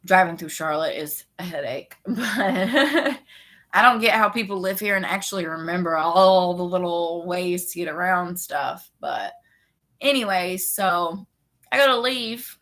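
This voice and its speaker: A woman telling a story in a casual, sarcastic rant, with quick animated bursts. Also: on the low side. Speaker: vlogger.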